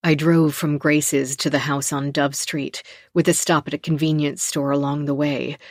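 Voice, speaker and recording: A woman narrating a first-person thriller audiobook in a measured, low-key, tense voice, recorded close in a studio booth. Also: flat delivery, no room sound. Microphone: close studio mic.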